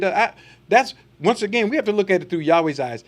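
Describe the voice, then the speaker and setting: A man's voice: sits high, expressive, fast. A man preaching a sermon, reading scripture aloud and then asking the congregation rhetorical questions and acting out voices. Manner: acts out quoted voices in asides.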